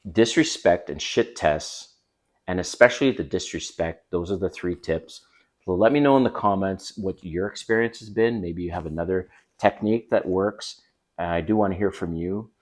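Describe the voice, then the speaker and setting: A man's voice: low voice, expressive, normal speed. A man hosting his own channel, giving direct, conversational dating advice to the camera. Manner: direct, conversational, acts out quoted lines. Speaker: dating coach.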